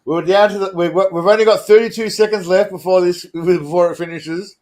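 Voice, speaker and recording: A man's voice: sits high, fairly even intonation, brisk, a little mellow. A man hosting a casual comedy stream, crude and mocking, laughing often and talking to his chat. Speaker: stream host.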